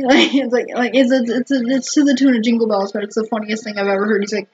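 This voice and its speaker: A woman vlogger reviewing a TV episode chats casually to camera, rambling, giggling and full of fillers and restarts. Her voice is a little high and husky with a steady tone, and she talks fast with hardly any pauses, in a dull lo-fi home recording.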